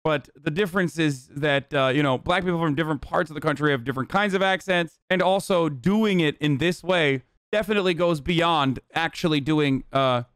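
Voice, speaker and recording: Streamer guy ranting at a clip, cursing a lot, smooth clear voice kinda high, dry sound. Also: fairly quick, few pauses, fairly bright tone, no room sound. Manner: blunt, profane, incredulous. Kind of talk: live stream commentary.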